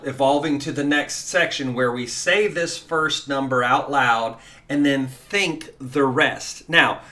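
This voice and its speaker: Bright and forceful, a mid-range male voice coaches a listener through a guitar lesson. He counts the beats aloud, staying casual and encouraging while dropping in plenty of fillers.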